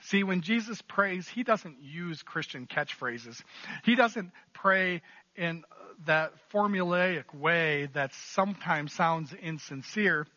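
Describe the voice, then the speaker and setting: A man's voice: fairly high pitch, slow pace, sharp tone, dry recording, muffled recording. A man preaching a sermon in an earnest, emphatic way, repeating key phrases. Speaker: pastor.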